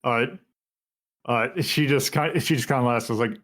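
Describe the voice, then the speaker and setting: A man's voice: medium pitch, steady tone, a bit bright. Rambling male game master. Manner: halting, meandering narration. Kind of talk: narrating a tabletop game.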